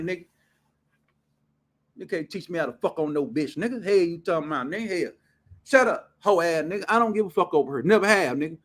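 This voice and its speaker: Man ranting on his show, high voice, blunt, profane, heavy slang. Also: a bit bright. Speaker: show host. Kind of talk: profane casual rant.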